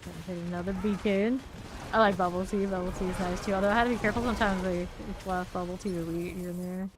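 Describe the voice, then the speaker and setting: A woman's voice: fairly low pitch, fairly even intonation, quick pace, background noise. Young woman gaming stream, just chatting with chat, easygoing, laughs a lot, trails off mid-sentence. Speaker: game streamer. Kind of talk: casual live-stream chat while playing.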